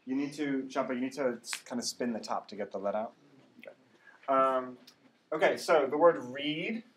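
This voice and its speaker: A man's voice: medium pitch, normal speed, fairly bright tone, slight background noise. A male English teacher running a classroom pronunciation drill, patiently saying words for the class to repeat and checking in with "right?". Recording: distant classroom recording.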